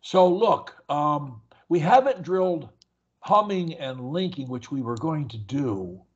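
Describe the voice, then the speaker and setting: A man's voice: fairly high pitch, animated, slow pace, slightly rough, muffled recording. An older man who stutters, coaching a client one-on-one and demonstrating techniques by stretching and repeating words over a video call. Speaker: speech coach.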